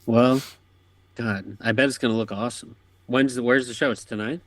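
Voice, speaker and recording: Dude cohosting, crude jokes, storytelling, medium voice. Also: male voice, mid-range voice, steady tone, moderate pace, dry recording. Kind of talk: casual chat.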